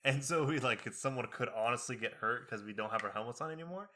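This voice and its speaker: Young male podcast co-host with a bright voice; animated storyteller who acts out quotes. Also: medium pitch, quick pace. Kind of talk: casual chat.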